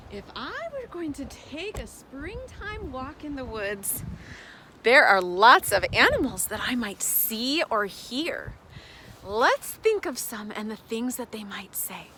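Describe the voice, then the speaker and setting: A woman leading a preschool storytime walk outdoors, talking gently to small children in a sing-song way. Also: on the high side, sing-song, slow pace, husky. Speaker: children's storytime and hike leader. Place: outdoors on a wooded trail by water.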